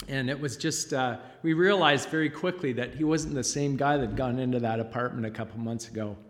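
A middle-aged father giving an emotional church testimony, halting and choked up, with frequent pauses and fillers. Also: medium pitch. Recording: long reverb of a large hall.

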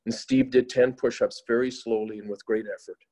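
A man's voice: mid-range voice, steady tone, moderate pace, warm tone. Solemn male storyteller. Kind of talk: moral story narration.

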